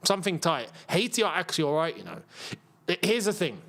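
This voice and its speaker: A man's voice: on the high side, fast talker, gravelly. Guy rambling through a live match commentary, bouncy voice that jumps all over. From England. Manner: chatty, rambling, jokey; excitable bursts at match action. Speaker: football channel host.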